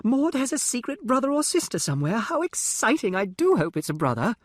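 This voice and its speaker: A man voicing a sheltered, excitable upper-class young girl who talks in a breathless, well-spoken gush. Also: extremely high pitch, a little fast, no room sound, clean studio sound, voice pushed up, full character voice. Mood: eager.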